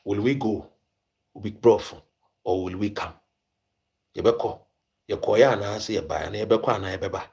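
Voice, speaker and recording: A man's voice: fairly low pitch, moderate pace, vocal fry, long pauses, darkish tone. A man from Ghana with a Ghanaian accent, hosting an impassioned commentary in a preachy way, repeating phrases for emphasis. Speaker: host.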